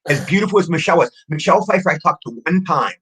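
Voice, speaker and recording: A man in his sixties, an actor guest telling rapid, excitable anecdotes in a casual interview, often repeating words as he goes. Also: a little high, slightly rough, poor audio. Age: 60s.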